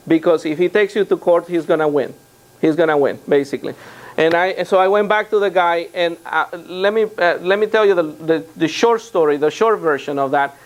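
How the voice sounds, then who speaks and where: A man, a real estate trainer, telling anecdotes to a live seminar audience and acting out what others said. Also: sits high. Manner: animated anecdotes with quoted dialogue. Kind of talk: storytelling seminar talk.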